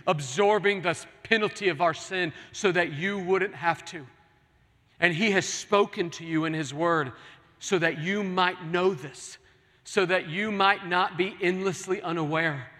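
A man's voice: a little high, measured pace, sharp tone. A man preaching a sermon as pastor, earnest and pleading with his congregation in a large church. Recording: long hall reverb.

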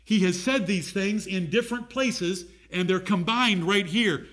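A man's voice: sits high, unhurried, few pauses, fairly bright tone. A man preaching a sermon, reading scripture aloud and asking his listeners direct questions.

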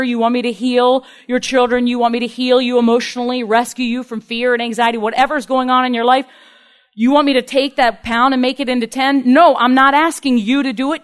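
A woman preaching a sermon in an earnest, emphatic way, acting out the people in her stories. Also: on the high side. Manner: earnest, emphatic, acts out quoted speakers.

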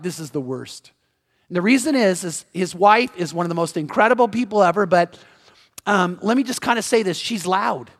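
A man preaching a sermon as pastor, telling a story in an animated way and acting out the voices of the people in it. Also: high-pitched. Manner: animated, acts out quoted voices. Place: church sanctuary. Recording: long reverb of a large hall.

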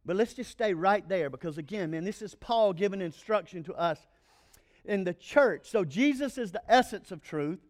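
A male pastor preaching a sermon, animated and playful, with joking asides to the congregation. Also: high-pitched, moderate pace.

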